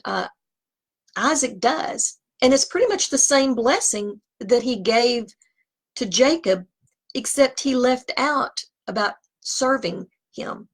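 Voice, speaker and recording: Woman Bible teacher, husky, casual and digressive. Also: a little high. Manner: conversational, digressive, with asides. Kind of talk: scripture teaching.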